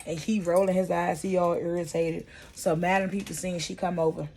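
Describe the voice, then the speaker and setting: A woman casually recapping TV episodes for her vlog, chatty and slangy with plenty of profanity, her pace and loudness often shifting. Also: lowish voice, flat delivery, fairly quick, a little hiss or hum. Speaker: vlogger reviewing a TV series.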